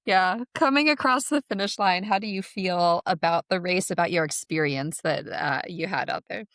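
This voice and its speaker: A woman hosting a podcast, asking thoughtful, measured interview questions. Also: on the low side, a bit bright, dry recording, clean studio sound. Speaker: podcast host.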